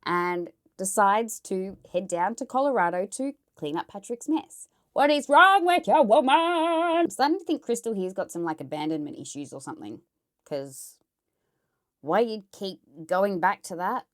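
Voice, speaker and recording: A woman's voice: medium pitch, animated, measured pace. An Australian woman telling a true crime story in a casual, chatty way, blunt and swearing as she editorialises.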